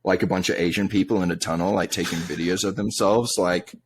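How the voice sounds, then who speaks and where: A man's voice: sits low, fairly even intonation, a little fast, a little hiss or hum. A young man co-hosting a music review podcast, bluntly mocking songs with swearing and laughter. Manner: blunt, profane, mocking, laughs while talking. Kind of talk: casual chat.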